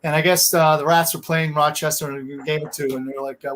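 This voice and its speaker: Quick, eager man in a hockey chat. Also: on the high side, flat delivery, a bit bright. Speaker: podcast guest and former pro hockey player. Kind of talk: casual chat.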